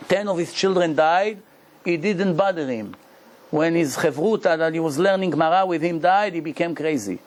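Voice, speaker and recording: Middle-aged rabbi, high voice, animated lecture-style storytelling, non-native phrasing. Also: male voice. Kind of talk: Torah lecture.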